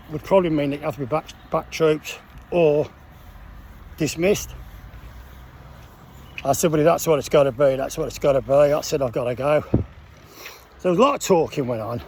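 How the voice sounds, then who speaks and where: A middle-aged man tells a personal story in a halting, emotional way. His voice sits a little high for a man. He often breaks off and restarts his sentences. A faint noise hangs behind him. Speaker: former military trainee telling his story.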